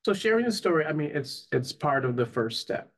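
A man's voice: fairly high pitch, sing-song, a little fast. Earnest man telling his story. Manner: earnest, tag questions, frequent "you know". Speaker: guest, psychotherapist and life coach. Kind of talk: emotional personal storytelling.

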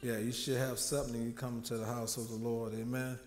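A man's voice: mid-range voice, level tone, brisk, a little hiss or hum. Emotional preaching man in an echoey church. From New Orleans. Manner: emotional, conversational preaching with dramatic quotes. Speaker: minister. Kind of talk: sermon.

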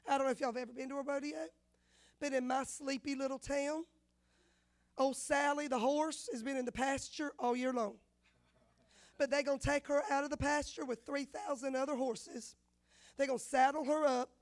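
A woman, a women's pastor telling a personal testimony in a sermon, animated and acting out the dialogue. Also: high-pitched, normal speed. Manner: animated storyteller, acts out dialogue.

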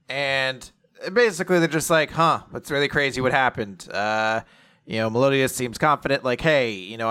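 A man's voice: mid-range voice, a bit bright. A man hosting a podcast, loosely recapping comic chapters with lots of fillers and the odd curse. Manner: loose, filler-heavy, occasional swearing. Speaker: podcast host. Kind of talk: casual chat recapping comics.

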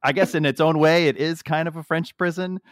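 A man with a fairly high, steady voice co-hosts a podcast from home in the US, speaking at a fairly quick clip. He jokes around and rambles, frequently restarting sentences. It's a remote call recording, yet it sounds dry and clean, like a studio.

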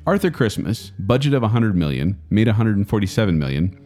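A man co-hosting a casual movie review chat, animated and chatty, often laughing. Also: lowish voice, fast, soft background music. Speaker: co-host.

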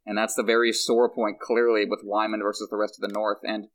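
A man co-hosting a podcast, talking through a book chapter in casual, animated analysis with frequent restarts. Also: on the low side, fairly quick. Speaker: podcast co-host.

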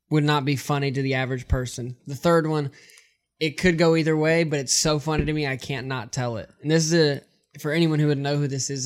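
A man telling a long farm joke on a podcast, in a relaxed, unhurried storytelling manner. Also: medium pitch. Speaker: podcast co-host.

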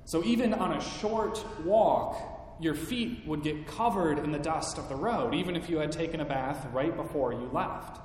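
A male pastor delivering a sermon, slow and deliberate with dramatic pauses. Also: darkish tone. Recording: echoey hall, faint rumble.

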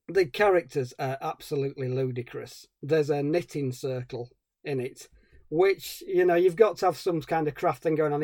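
A man's voice: fairly high pitch, dark tone, no echo, studio quality. A man co-hosting a film podcast, ranting about a movie in a wry, sarcastic way. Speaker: podcast co-host. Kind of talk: casual film review chat.

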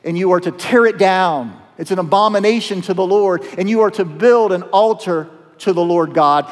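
A man's voice: sits high, normal speed, lightly acted. A man voicing a solemn, commanding divine figure in a story, heard with long hall reverb.

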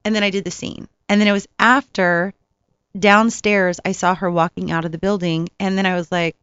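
Actress chatting away, lots of laughs, pretty dry and a bit muffled. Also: female voice, medium pitch, normal speed, dry recording. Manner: animated, laughs often, gushing. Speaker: actress, guest. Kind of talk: casual storytelling.

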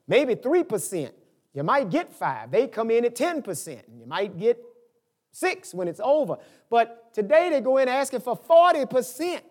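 An older man preaching a sermon, dropping into quiet asides and rising to emphatic peaks. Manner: animated preaching, swinging from low asides to high emphatic peaks. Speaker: pastor.

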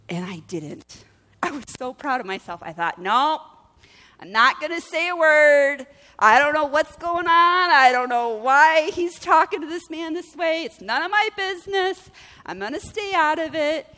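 A woman's voice: medium pitch, a bit bright, in a large hall. A middle-aged woman pastor preaching in a chatty, conversational way, telling a personal story and asking her congregation questions. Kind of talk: sermon with personal stories.

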